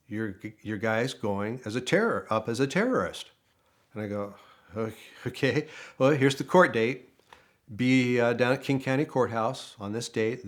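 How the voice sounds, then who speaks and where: An older man, a former car dealership manager, telling a story casually and acting out the dialogue as he goes. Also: medium pitch. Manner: animated storytelling, acts out quoted dialogue. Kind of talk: casual anecdote.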